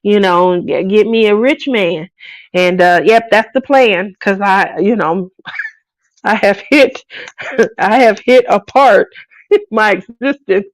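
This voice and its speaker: A woman's voice: medium pitch, takes it slowly, no room sound. A woman, hosting a craft live stream in casual chat, playful and laughing often as she reads out comments. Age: 40s. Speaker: craft channel host.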